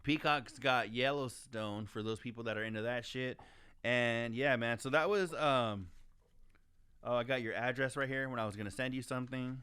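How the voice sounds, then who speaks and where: A man's voice: mid-range voice, moderate pace, clean tone. Profane man telling a story. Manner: profane, animated storytelling, says dog. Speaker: podcast co-host. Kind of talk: casual chat.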